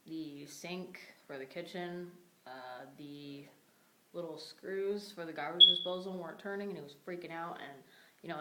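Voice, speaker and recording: A woman's voice: on the low side, bright, forceful tone, slight background noise, rough recording. A young woman vlogging in an empty room of a house, talking loosely with many fillers and sounding short on sleep. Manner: rambling, many fillers like "like" and "you know". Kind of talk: casual vlog rant.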